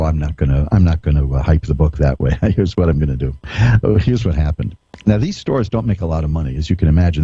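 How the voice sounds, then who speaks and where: A low, mellow male voice telling homespun stories as a radio psychic host, chuckling and restarting his sentences. The sound is dull and lo-fi, like a streamed radio broadcast. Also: husky, dry recording. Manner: folksy storytelling with chuckles and frequent restarts. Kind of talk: radio monologue, anecdotal.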